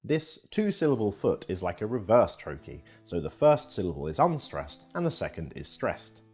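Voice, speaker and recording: A man reading a scripted educational narration in a lively storytelling manner. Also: lowish voice, normal speed, breathy edge, faint music behind.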